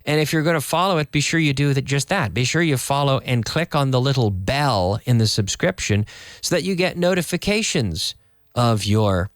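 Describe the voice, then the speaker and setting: A man's voice: medium pitch, animated, moderate pace, dry recording, studio quality. A Canadian man with a Canadian English accent, an English teacher on a radio show, explaining casually and rambling a little while spelling words out letter by letter. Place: radio studio.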